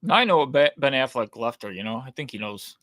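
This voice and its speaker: A man's voice: medium pitch, expressive, a little fast, noisy background. A man hosting a casual political commentary show, mocking and sarcastic as he reacts to clips.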